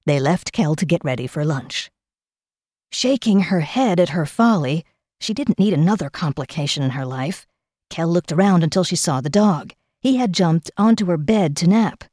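A woman with a fairly low voice reads a novel aloud. Her delivery is measured and steady. The recording is dry, with no room sound. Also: no room sound. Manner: measured storybook reading. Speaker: audiobook narrator. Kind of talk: scripted narration.

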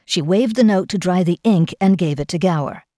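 A woman narrating an audiobook in a measured storytelling manner. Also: lowish voice, warm tone, no echo, clean studio sound. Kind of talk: scripted narration.

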